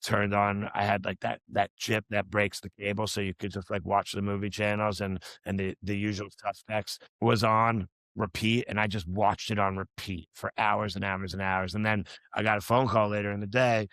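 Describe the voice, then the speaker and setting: A man's voice: fairly low pitch, steady tone, moderate pace, hardly any pauses, a bit bright, dry recording. A man, a musician guest on a podcast, earnestly telling a rambling personal story with many restarts and fillers. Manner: earnest, reflective. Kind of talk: casual storytelling chat.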